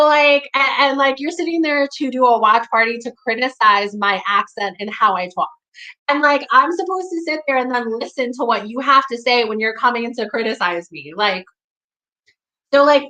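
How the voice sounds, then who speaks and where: A woman with a New York accent, a community talk host, speaks candidly and bluntly to her audience in a monologue to camera. Her fairly high voice sounds pushed and bright, she leans on "like," and she swears when riled. The audio quality is poor.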